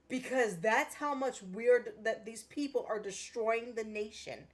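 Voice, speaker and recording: A woman livestreamer chatting with her viewers, speaking in an impassioned, earnest way. She is emotional and close to tears, and she repeats herself as she talks. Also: fairly high pitch. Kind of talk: casual livestream chat with viewers.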